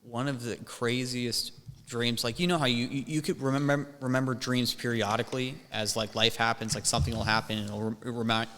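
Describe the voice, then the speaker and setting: Bright-voiced man with hall echo. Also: medium pitch, fairly even intonation, fairly quick. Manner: rambling storyteller, swears a lot, many restarts. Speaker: podcast host. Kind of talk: casual chat. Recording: long hall reverb.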